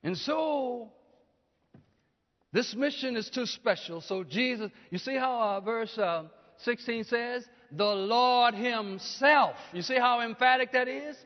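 A man preaching a sermon, often asking the congregation questions and rising to loud, emphatic peaks. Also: extremely high pitch, measured pace. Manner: call-and-response preaching, asks the congregation questions. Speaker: pastor. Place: church. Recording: dull lo-fi church hall recording.

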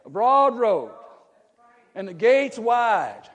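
A man preaching a sermon, asking the congregation questions and swelling into emphatic shouts as listeners call back. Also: high-pitched, big pitch swings, slow pace. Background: congregation calling out responses.

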